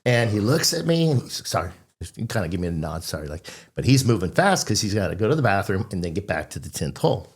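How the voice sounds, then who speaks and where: A man's voice: low voice, big pitch swings, quick pace, few pauses. A man hosting a podcast, telling stories in a casual chat in an easygoing way and often laughing along. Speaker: podcast host.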